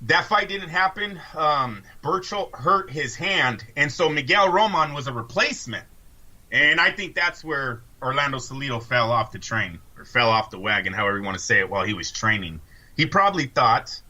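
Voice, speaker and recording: Bright, forceful man talking boxing. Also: mid-range voice, expressive, moderate pace, rough recording. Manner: emphatic, addresses co-host by name. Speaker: podcast co-host. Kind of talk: casual sports chat.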